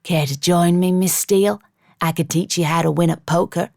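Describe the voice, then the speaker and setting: A woman's voice: fairly low pitch, fairly even intonation, normal speed, vocal fry, darkish tone, dry recording, studio quality. A woman voicing a brash, defiant young American woman gambler in an audiobook, with a blunt, brassy manner.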